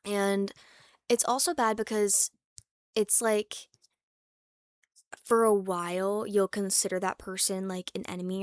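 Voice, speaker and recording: A woman's voice: medium pitch, level tone, takes it slowly, long pauses, clear, resonant tone, no room sound, studio quality. A young woman vlogging in casual chat, rambling and candid, with lots of fillers and restarts, swearing freely and sometimes dropping to a whisper for asides.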